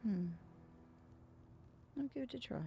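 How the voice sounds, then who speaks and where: Gravelly-voiced woman in role-play. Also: fairly high pitch, unhurried, dark tone, a little hiss or hum. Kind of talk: in-character role-play chat.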